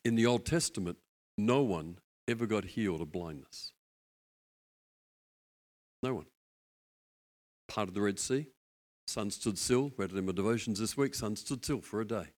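A man preaching a sermon, telling a story with lively asides and acted-out voices. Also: fairly low pitch, normal speed, pauses often. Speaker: pastor.

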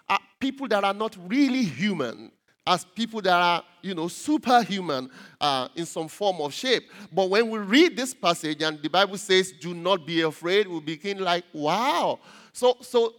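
A man preaching a sermon, halting with many repeated words and rising emphatically on key points. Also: high-pitched, fairly bright tone. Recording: long reverb.

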